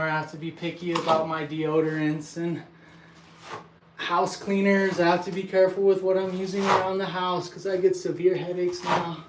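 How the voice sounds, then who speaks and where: A young man from El Paso, Texas, vlogs casually from an indoor building site, out of breath and earnest, his slightly high voice halting and full of restarts. The mic sits at a distance in an echoey room, and background noise comes through.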